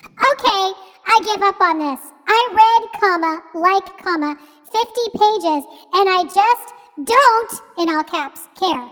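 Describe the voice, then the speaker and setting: Woman putting on a whiny squeaky reviewer who totally gave up, drawling it out slow and deadpan, echoey and kinda far from the mic. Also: full character voice. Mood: bored. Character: bored, dismissive book reviewer who gave up.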